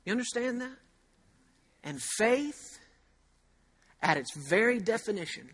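High-pitched male preacher, chatty sermon delivery, drives points home with slow repeated lines. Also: expressive, fairly bright tone. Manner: repeats key phrases slowly for emphasis; conversational, with rhetorical questions. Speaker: pastor.

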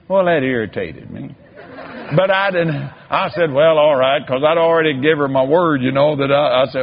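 A man's voice: a little high, normal speed, creaky. A man preaching a folksy sermon, telling a story and drifting into repetitive, drawling preacherly emphasis. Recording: dull lo-fi sermon recording.

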